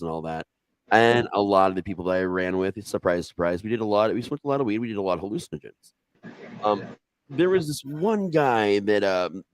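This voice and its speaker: A man from Ohio with an Ohio accent telling a wild personal story in casual, animated talk, swearing freely and jumping up in pitch when quoting himself. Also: no echo, poor audio.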